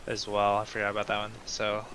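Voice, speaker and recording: A man with a bright, forceful voice leads his teammates in a relaxed gaming stream, telling them what to do and what to leave alone. Faint noise sits under his talk. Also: lowish voice, fast, low-quality recording. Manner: directing teammates, giving instructions. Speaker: streamer leading the crew. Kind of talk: casual gaming chat.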